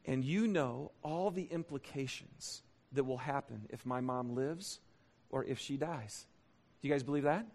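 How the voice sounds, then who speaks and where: A middle-aged man preaching a sermon, animated and conversational, asking the congregation questions and swinging from quick excited bursts to slow, soft emphasis. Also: on the high side. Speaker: pastor.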